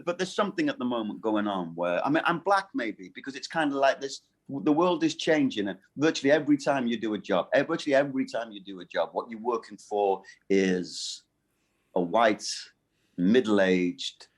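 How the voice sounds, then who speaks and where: A middle-aged man in a casual interview, speaking in halting bursts with many restarts and fillers, with a gravelly low voice. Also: animated. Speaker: voice actor guest.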